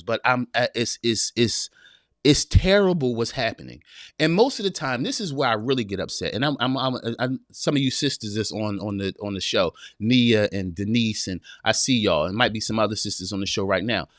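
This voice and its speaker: A man hosting a live podcast, talking straight to his viewers and reading their chat, animated and preachy, repeating his phrases. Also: mid-range voice, no room sound, clean studio sound. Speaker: podcast host.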